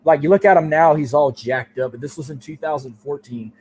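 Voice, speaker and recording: A man guesting on a podcast interview, telling loose, animated stories with casual swearing. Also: on the high side, fairly quick, breathy edge. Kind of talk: casual chat.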